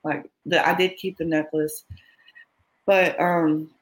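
A woman sharing her own story in an interview, candid and halting, with many fillers and quoted dialogue. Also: deep voice, level tone, poor audio. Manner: often quotes others in dialogue. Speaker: interview guest. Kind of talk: personal story in conversation.

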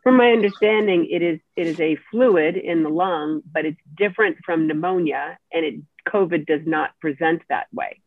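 A woman telling a personal story as an interview guest, animated and acting out the people she quotes. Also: fairly low pitch, normal speed, few pauses, no echo. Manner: animated, acts out quoted speech. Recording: tinny dry phone line.

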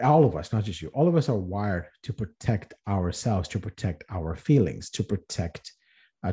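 A man's voice: on the low side, mellow. A man hosting a podcast, speaking in an earnest motivational monologue with rhetorical questions and frequent restarts. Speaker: podcast host.

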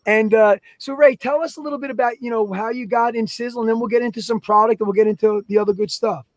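A man's voice: extremely high pitch, fast, no room sound. A man hosting a podcast, telling long, rambling stories and acting out the voices and sound effects of the people in them. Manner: animated, acts out quoted voices and sound effects. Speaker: podcast host. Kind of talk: casual podcast storytelling.

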